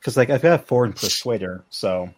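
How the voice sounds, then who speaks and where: A man's voice: mid-range voice, lively intonation, brisk, slight background noise. A man playing a tabletop game, talking casually and hesitantly, often repeating words. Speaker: player.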